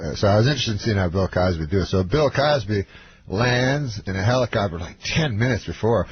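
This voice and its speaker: A man from Canada, a comedian guest, telling a rambling deadpan story on a radio show with lots of fillers and restarts. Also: on the low side, brisk, lo-fi sound, background noise.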